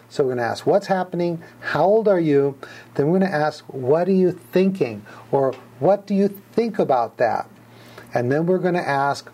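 A man's voice: on the high side, dark tone. A man teaching age regression hypnotherapy, explaining step by step and acting out client replies. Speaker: hypnotherapy instructor. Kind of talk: teaching a class.

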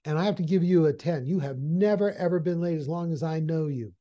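A man's voice: on the high side, fairly quick, dark tone, natural voice. A man voicing a friendly, chatty office boss giving an employee his review. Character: friendly middle-aged male office boss.

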